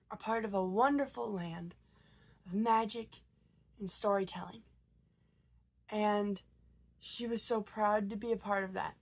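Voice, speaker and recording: A woman's voice: mid-range voice, gravelly. A woman vlogger who is sick and tired, chatting casually and telling a story with lots of hesitations. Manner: chatty, hesitant, many fillers and restarts.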